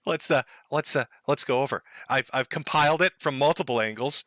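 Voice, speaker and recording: A man's voice: medium pitch, moderate pace, sharp tone, no room sound, studio quality. A man hosting a live stream, giving sarcastic, mocking commentary and laughing often.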